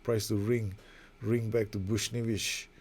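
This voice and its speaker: A man's voice: fairly low pitch, level tone, a little slow, darkish tone, breathy edge. A man giving casual, rambling, self-mocking play-by-play commentary over a football management game he is playing. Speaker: gaming video host.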